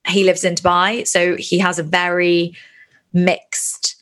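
A woman's voice: on the low side, completely flat delivery, slow, fairly bright tone. A well-spoken woman from the UK with a posh southern English accent, a guest chatting casually in an interview over a video call and laughing easily. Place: Bali, Indonesia.

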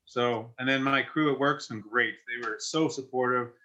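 Man telling a hard story, bright voice. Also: medium pitch, steady tone, dull audio. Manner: halting, many restarts, chokes up. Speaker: firefighter and investor. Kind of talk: emotional personal story in an interview.

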